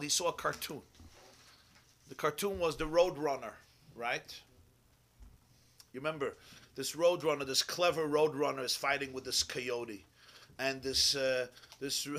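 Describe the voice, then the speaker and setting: A man's voice: fairly high pitch, pushed and bright, slight background noise. A rabbi giving a Chassidic Torah class, telling stories with animation and mixing in Hebrew and Yiddish terms, often checking in with his listeners. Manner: checks in with listeners, asking "yeah?".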